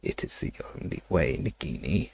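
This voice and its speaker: A man voicing a cold, menacing dark male wizard lord in an audiobook reading, slow and hushed. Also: very animated, gravelly, full character voice. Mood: whispering. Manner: slow, low and hushed, commanding.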